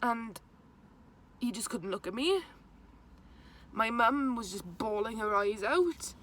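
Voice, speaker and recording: A young woman speaks straight to camera, recounting a painful memory. Her voice sits a little high, and she often breaks off and starts her sentences again. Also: lively intonation, a bit bright. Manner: halting, emotional retelling with restarts. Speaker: vlogger. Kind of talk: personal storytelling to camera.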